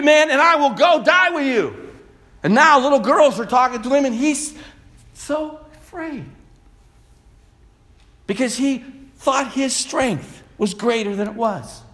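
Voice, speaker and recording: A middle-aged man preaches with a strikingly high voice. He swings from loud, pressing shouts to low, quiet asides to drive his points home. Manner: preachy, builds to shouts then drops low. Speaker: pastor. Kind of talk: sermon.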